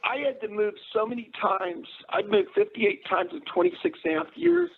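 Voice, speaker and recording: High-voiced man rambling over a phone line. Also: big pitch swings, normal speed, creaky, husky. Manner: rambling storyteller, bursts into loud impressions. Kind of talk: casual radio chat.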